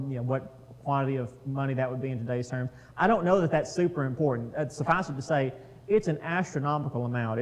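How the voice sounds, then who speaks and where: A man's voice: mid-range voice, a little mellow, low-quality recording. A man leading a casual Bible study, talking with the group, putting questions to them and reading scripture aloud.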